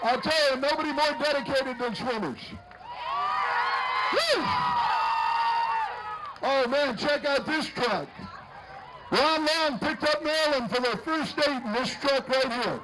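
A middle-aged man announcing a street parade outdoors, joking with the crowd and shouting cheers. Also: extremely high pitch, moderate pace. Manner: jokey, upbeat emcee, often shouting cheers. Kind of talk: live event announcing. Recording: noisy outdoor parade recording.

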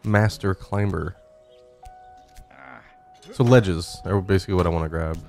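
A man's voice: sits low, steady tone, unhurried, creaky, darkish tone, faint music behind. A man streaming a climbing game live, talking to chat in a frantic, swearing way and laughing at himself. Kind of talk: live gameplay commentary. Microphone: studio dynamic microphone.

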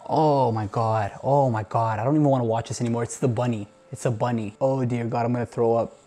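A man's voice: mid-range voice, fairly even intonation, fast, mellow. A man vlogging as he goes through videos on a computer, talking nervously with frequent gasps and exclamations. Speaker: YouTuber. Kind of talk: reacting to found footage on camera. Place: indoors at a computer.

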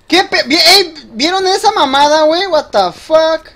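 High, bright-voiced Mexican man gaming. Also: normal speed, hardly any pauses. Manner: excitable, protests loudly and repeats himself. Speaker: gaming streamer. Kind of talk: casual gameplay commentary.

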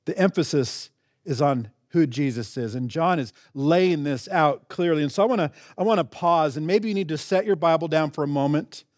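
A middle-aged male pastor preaching a sermon, conversational with restarts and asides, stressing key words with sudden jumps in pitch. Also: moderate pace, a little mellow, dry recording, clean studio sound. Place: church sanctuary.

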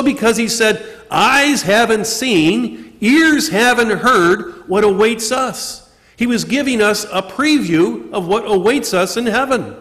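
A priest preaches during Mass in a large church, his voice high for a man and fairly bright, and the long reverb of the space carries his words. He poses questions and answers them himself, slowing down to stress key words.

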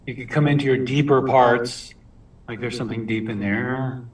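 A man's voice: medium pitch, normal speed, distant mic. A man leading a live watercolor lesson, talking casually with lots of restarts as he paints. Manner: relaxed, chatty, lots of restarts. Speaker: watercolor instructor. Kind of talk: live painting demonstration with chat. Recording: roomy sound from off mic.

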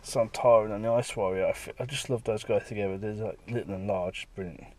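A man's voice: lowish voice, a little fast, noisy background. Man casually walking through his comic pages. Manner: lively, breaks into brief character voices while retelling scenes. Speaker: comic artist. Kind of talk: casual walkthrough of his own work.

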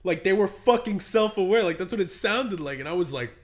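Young New guy, slightly high voice, rambles and cusses, hunts for words. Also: expressive, brisk. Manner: rambling, swears a lot, searches for words. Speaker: podcast co-host. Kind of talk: casual chat.

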